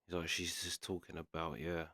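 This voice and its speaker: A man with a very low voice casually retells a story, quoting his friend over and over as he goes. The recording is dry and close, with no room sound. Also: level tone, normal speed, sharp tone, no room sound. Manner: retells a story with constant "he's like" quotes. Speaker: reaction video host.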